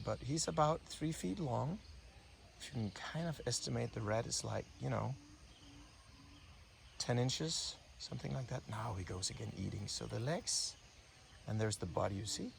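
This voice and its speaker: Birds and insects sound in the background as a breathing coach films wildlife outdoors during a morning walk. In a hushed, mid-range voice with vocal fry, he offers unscripted nature commentary, wondering and thinking aloud to himself with restarts.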